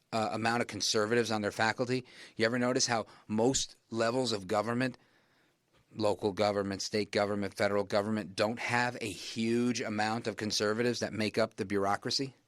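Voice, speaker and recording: A man hosting a talk radio show, delivering an emphatic monologue that keeps rising in pitch to stress his points. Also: level tone, fairly quick, a bit bright, no echo, clean studio sound.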